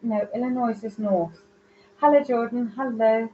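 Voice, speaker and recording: Rambling woman medium on a live stream, a little muffled, soft background hum. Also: fairly high pitch, a little slow. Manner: chatty, rambling, searching for words. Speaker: psychic medium. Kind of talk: live online reading.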